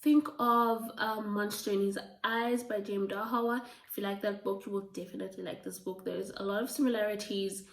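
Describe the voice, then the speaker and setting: A woman talks casually through her reading, full of "like" and "um" fillers, her voice starting to wear hoarse. She sits some way from the mic, and the room rings around her. Her pitch sits in the middle for a woman. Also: steady tone, brisk, few pauses. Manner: chatty, gushing, full of "like" and "um". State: voice going hoarse. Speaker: book reviewer. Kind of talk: casual book review chat. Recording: roomy, from a distance.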